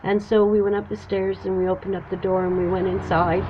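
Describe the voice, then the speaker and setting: A woman's voice: mid-range voice, flat delivery, normal speed, a little hiss or hum. A middle-aged woman hosting her own show, chatting through a personal story and acting out what everyone said. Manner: chatty, retells dialogue with lots of "I said". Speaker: host. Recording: dull lo-fi recording.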